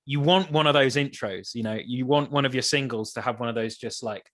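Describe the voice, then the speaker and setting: A man, a songwriter guest on a podcast, talking in a thoughtful, hesitant way with many restarts, his voice still a bit rough from the early morning. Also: medium pitch, fairly quick, a bit bright. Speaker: musician guest. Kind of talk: casual interview chat.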